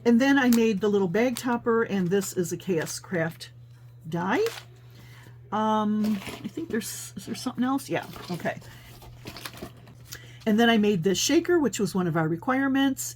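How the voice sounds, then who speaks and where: A woman's voice: mid-range voice, darkish tone. Crafty lady chatting thru her halloween swap goodies, lots of ums, faint hiss behind. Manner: chatty, thinks aloud with many fillers. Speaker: paper crafting host. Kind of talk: casual craft show-and-tell.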